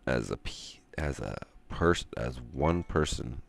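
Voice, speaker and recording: A man with an extremely low, gravelly voice rambles through a stream monologue. He rants and muses, trailing off into long pauses between thoughts. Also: lively intonation. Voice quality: very deep gravelly voice. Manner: ranting, musing, drawn-out pauses.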